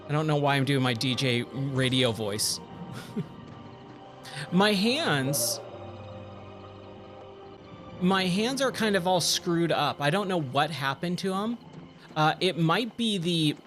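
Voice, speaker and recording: Slow-talking man streaming a game. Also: a little high. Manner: chatty and easily awed, thanks viewers warmly. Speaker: livestream gaming host. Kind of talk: casual livestream chat while gaming.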